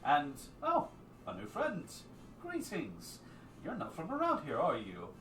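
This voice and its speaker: A man doing a courtly high-voiced gentleman. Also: wildly swooping pitch, a little slow, roomy sound, recorded from a distance, slight background noise, heavily acted. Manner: formal, polite greetings.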